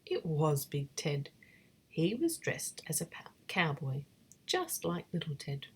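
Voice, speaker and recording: A woman reading a bedtime story in a soft, breathy whisper. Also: deep voice, very animated, unhurried.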